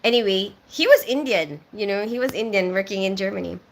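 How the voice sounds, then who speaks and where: A young woman who grew up in the Philippines briskly reads viewers' comments on her live stream and responds to each. Her voice is medium-pitched, and her talk is casual and packed with fillers.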